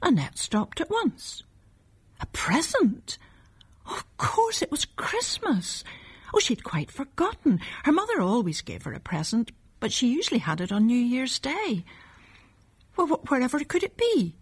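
A woman reading a story aloud, softly and often in a half whisper. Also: on the high side, huge pitch swings, moderate pace, breathy edge.

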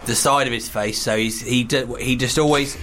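Deadpan radio co-host. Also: male voice, mid-range voice, moderate pace, background noise. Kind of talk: comic radio banter.

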